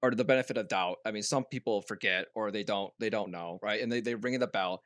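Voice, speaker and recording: A young man co-hosting a casual podcast, telling a rambling story full of restarts and loud mimicked voices. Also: fairly low pitch, a little fast, dry recording. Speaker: podcast co-host. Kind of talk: casual chat.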